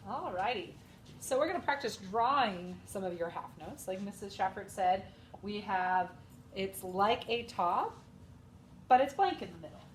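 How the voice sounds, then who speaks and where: A woman's voice: medium pitch, animated, moderate pace, slight background noise. A woman music teacher explaining a lesson to young students in a friendly way.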